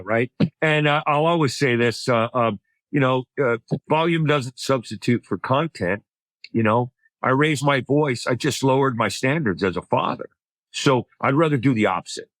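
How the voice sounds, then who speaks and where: A man's voice: medium pitch, expressive, normal speed, a bit bright, no echo. A man, a comedian guest, telling stories in conversation, acting out voices and building to punchlines. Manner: acts out voices in his anecdotes, punchline-driven; frequent self-repeating restarts. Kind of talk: animated conversational storytelling.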